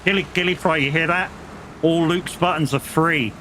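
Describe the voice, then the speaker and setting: A man's voice: on the high side, fairly even intonation, normal speed, sharp tone, a little hiss or hum. A man with an English accent, a live streamer chatting casually and swearing while he plays a game and jokes with his chat. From England.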